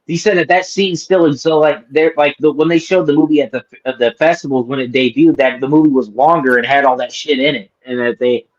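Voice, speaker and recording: A man joining a livestream chat, rambling and halting with lots of fillers. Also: mid-range voice, steady tone, highs cut off. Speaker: co-host guest. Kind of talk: casual chat.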